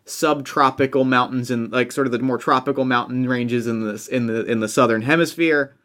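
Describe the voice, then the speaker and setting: A man's voice: medium pitch, fairly even intonation, fairly quick, a bit bright. A man playing a tabletop role-playing game, talking hesitantly with many fillers and restarts. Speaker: player. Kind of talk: tabletop role-play chat.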